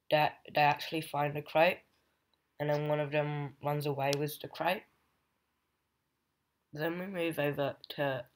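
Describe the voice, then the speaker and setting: A man casually recapping a comic book's plot, rambling with fillers and restarts. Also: fairly high pitch. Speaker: comic book reviewer.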